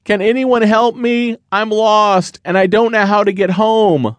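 A man's voice: a little high, big pitch swings, unhurried, voice pushed up. A man voicing a lost, worried young male bear cub in a children's audiobook, earnest and plaintive. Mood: distressed. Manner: earnest, plaintive and breathy with effort.

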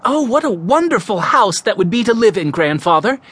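A man's voice: high-pitched, moderate pace, slightly rough, pitched above the performer's own voice, heavily acted. Man doing an eager hungry little boy. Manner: excited, lively kid voice. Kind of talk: audiobook character voice.

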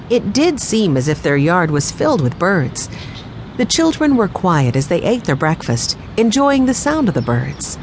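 A woman narrating a children's chapter book with expressive storytelling. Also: sits low, normal speed, slight background noise. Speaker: audiobook narrator. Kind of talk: scripted children's audiobook narration.

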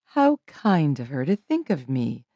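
A woman voicing a kindly, composed older woman who speaks gently and motherly. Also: low-pitched, wildly swooping pitch, unhurried, dry recording, muffled recording, pitched below the performer's own voice, heavily acted. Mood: gracious.

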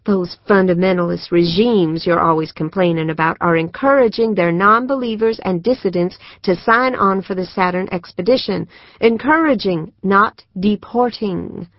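A woman voicing an excitable, idealistic younger sister who talks in an earnest, insistent way. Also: fairly low pitch, moderate pace, few pauses, no echo, natural voice. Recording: dry, slightly muffled studio recording.

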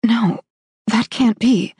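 A woman's voice: a little high, slow, warm tone, husky, no room sound, pitched above the performer's own voice, heavily acted. Woman playing a shaken young heroine, stammering. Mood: shocked. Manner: pleading, stammering. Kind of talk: audiobook character voice. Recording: dry close studio recording.

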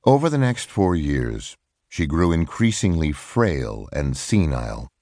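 Deep-voiced man narrating a solemn audiobook. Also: big pitch swings, a little mellow, dry recording, studio quality. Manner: measured, reflective and solemn. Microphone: close studio microphone.

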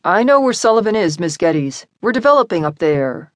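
A woman's voice: on the low side, very animated, normal speed, no room sound, studio quality. A woman narrator voicing a polite, formal male executive assistant. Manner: formal, businesslike.

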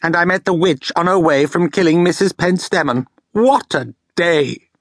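A man's voice: high-pitched, normal speed, no room sound, studio quality, pitched above the performer's own voice. Man voicing a stubborn, blunt young woman. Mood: exasperated.

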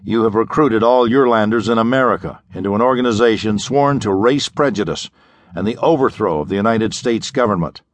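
A narrator voicing a steely secret agent, low-pitched and grim, laying out charges in a firm accusing tone. The voice is dry and close, with no room around it. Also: male voice, fairly quick, no room sound, close to an everyday voice.

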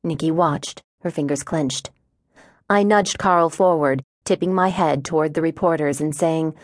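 A woman with a low voice reads a novel aloud in first person. Her storytelling is measured and wry. The recording is dry and close, with no room sound. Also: dry recording. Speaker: audiobook narrator. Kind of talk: scripted first-person narration.

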